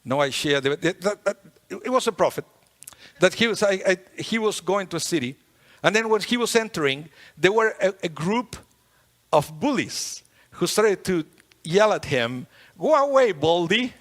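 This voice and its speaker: A man giving a sermon as a rabbi, talking in a conversational, lively way with playful humor. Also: high voice, normal speed. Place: synagogue sanctuary. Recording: long hall reverb in a large sanctuary.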